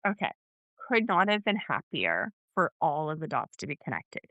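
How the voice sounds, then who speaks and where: A woman's voice: low voice, sing-song, normal speed, fairly bright tone, no echo, dull audio. A woman co-hosting a podcast in casual chat, talking animatedly and acting out quotes in other voices. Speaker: podcast co-host. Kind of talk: casual chat recapping a soap opera.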